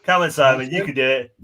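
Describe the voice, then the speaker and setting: A man's voice: mid-range voice, sharp tone. A man hosting a casual livestream chat, laughing often. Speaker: stream host.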